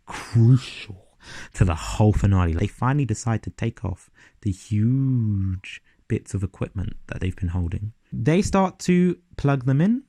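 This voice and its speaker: A man's voice: on the low side, darkish tone, no room sound. Sarcastic man reviewing a TV episode. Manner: sarcastic, profane, exasperated. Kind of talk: casual review vlog.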